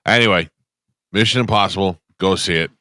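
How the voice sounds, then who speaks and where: A man hosting a morning radio show from the studio, chatting and telling stories in a rambling, animated way. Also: deep voice, a little fast, no room sound. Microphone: studio mic.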